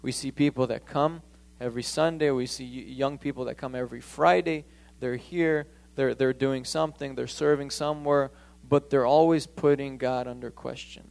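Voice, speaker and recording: A man's voice: mid-range voice, fairly even intonation, normal speed, vocal fry, a little mellow. A man preaching a sermon in a church, emphatic, often stumbling and restarting his phrases. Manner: emphatic, with frequent stammered restarts.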